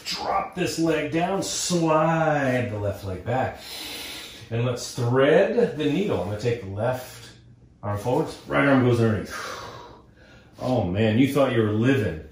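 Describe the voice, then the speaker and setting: A man's voice: medium pitch, lively intonation, unhurried, darkish tone, echoey room. A man teaching a guided yoga class, cueing breath and poses and joking between them. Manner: playful, cues breathing and poses. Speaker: yoga instructor. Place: indoor room before a green screen.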